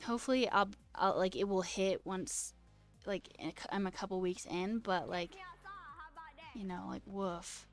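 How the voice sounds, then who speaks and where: A woman's voice: medium pitch, moderate pace, faint music behind. A woman streamer chatting casually and reading out viewer questions, candid and self-deprecating, swearing freely. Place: home streaming setup.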